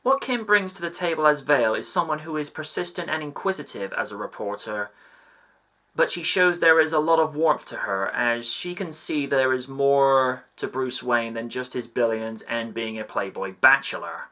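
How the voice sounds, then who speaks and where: A man narrating a scripted film review with measured, admiring commentary. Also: medium pitch, bright, forceful tone.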